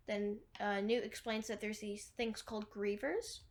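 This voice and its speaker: A woman's voice: medium pitch, steady tone, a little slow. A woman casually retelling a movie's plot, rambling with lots of fillers and restarts. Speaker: movie recapper.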